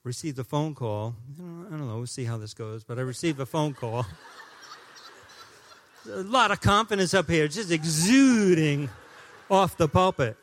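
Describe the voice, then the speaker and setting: Male guest pastor, 50s, preaching in church: humorous, animated, fairly high-pitched, loud-to-soft swings. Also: moderate pace, a little hiss or hum. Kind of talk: sermon. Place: church sanctuary.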